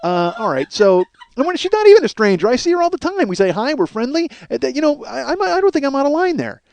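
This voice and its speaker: A man's voice: very high voice, sing-song, fast, creaky, darkish tone, no room sound. A middle-aged man hosting a solo podcast, telling rambling, crude, self-mocking stories. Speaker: podcast host.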